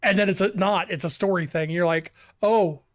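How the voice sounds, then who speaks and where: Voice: mid-range voice, steady tone, fast talker, no room sound, studio quality. Rambling, laughing game streamer. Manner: rambling, laughs often, restarts sentences. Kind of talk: casual live-stream commentary.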